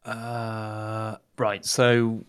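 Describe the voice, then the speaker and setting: A man's voice: on the low side, monotone, extremely slow, clear, resonant tone. A man playing his character in a tabletop game, easygoing and hesitant, laughing now and then. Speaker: player.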